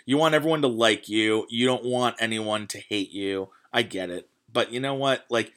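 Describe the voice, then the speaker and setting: A fairly low, smooth, bright-toned male voice at a moderate pace hosts a solo podcast sports rant. Casual but increasingly worked up, he swears frequently and fills space with verbal fillers.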